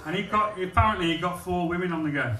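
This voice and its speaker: A man's voice: sits high, quick pace, sharp tone. A male stand-up comedian telling cheeky, crude, self-mocking stories on a comedy club stage. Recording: echoey club from far off, audience noise.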